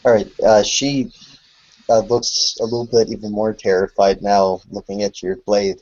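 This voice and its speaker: A fairly low-voiced man acts as game master for a tabletop horror game, narrating in a halting way full of "uh" and "you know". His voice is husky. It comes through a video call with dull, lo-fi sound. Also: flat delivery, darkish tone. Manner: hesitant, full of filler words. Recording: lo-fi online call audio.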